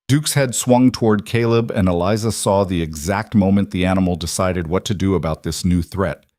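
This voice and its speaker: A man giving scripted storybook narration of a western tale, dramatic and measured, in a dry, close recording. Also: deep voice, darkish tone, dry recording.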